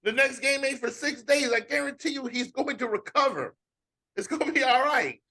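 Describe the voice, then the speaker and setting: A man, co-hosting a sports podcast in casual, slang-heavy banter and animated rants. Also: very high voice, moderate pace, gravelly. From Fayetteville, North Carolina. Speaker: podcast co-host.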